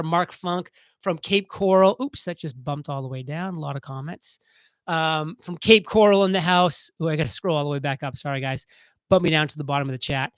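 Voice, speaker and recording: A man hosting a casual live stream, talking fast and excitedly as he reads viewer comments aloud. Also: sits high, clear, resonant tone, no room sound, poor audio.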